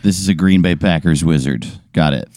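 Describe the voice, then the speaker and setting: Deadpan man with short dry reactions. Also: deep voice, fairly quick, no room sound. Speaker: podcast co-host. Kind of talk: casual chat.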